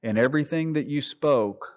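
A middle-aged man giving an informal preaching talk, conversational and animated, mimicking voices when he tells stories. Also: on the high side, moderate pace, dull audio. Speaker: Christian speaker.

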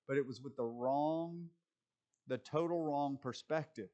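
A man delivers a sermon in a church, his voice sitting a little higher than most men's. He talks casually to the room, then climbs to emphatic peaks and slows right down when he reads scripture aloud. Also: mellow, dull audio. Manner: conversational, rising to emphatic peaks, slow deliberate scripture reading. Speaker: preacher.

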